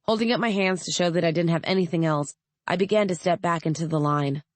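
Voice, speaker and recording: Low-voiced woman narrating an audiobook. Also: fast, no room sound. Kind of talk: first-person audiobook narration.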